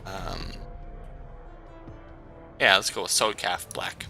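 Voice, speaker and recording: Give me a casual male gamer with a piercing, bright voice who mocks his own stumbles over names. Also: low-pitched, steady tone, slow pace, soft background music. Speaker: let's play gamer. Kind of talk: casual game commentary and reading aloud.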